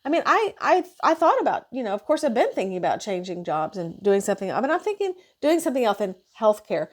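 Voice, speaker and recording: This woman is a fast talker with a higher-pitched voice, a nurse venting casually about her shift. She curses and sounds exasperated while animatedly recounting what happened.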